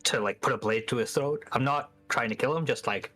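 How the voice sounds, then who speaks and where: A man's voice: mid-range voice, fairly quick, sharp tone, soft background music. A man playing a tabletop game, talking casually about his moves and often restarting his sentences. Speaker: player.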